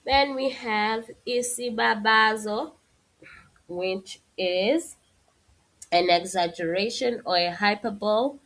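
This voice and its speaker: A woman's voice: medium pitch, takes it slowly, a bit bright. A woman teaching a language lesson, patiently explaining and translating example sentences. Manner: explains patiently, switching between Zulu and English with translations.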